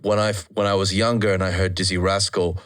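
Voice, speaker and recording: A man's voice: low voice, flat delivery, quick pace. A young Australian man hosting a casual chat show, rambling with lots of fillers. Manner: rambling, many "you know" and "like" fillers. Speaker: podcast host.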